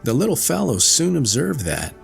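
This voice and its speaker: A male storyteller reads classic fairy tales aloud at an unhurried pace, his voice rough and gravelly. His delivery is lively, rising and falling to paint each scene, with soft music faintly underneath. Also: fairly high pitch. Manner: slow, expressive fairy-tale reading. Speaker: audiobook narrator. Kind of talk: storybook narration.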